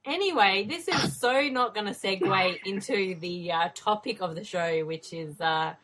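A woman's voice: mid-range voice, unhurried, fairly bright tone, poor audio. A woman hosting a casual podcast chat, teasing her guests and laughing often. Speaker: podcast host.

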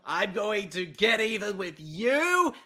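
A man's voice: sits high, sing-song, takes it slowly, exaggerated voice. A man voicing Louise, a distraught, melodramatic wife in an improvised role-play game. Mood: furious. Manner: melodramatic, pleading then shouting.

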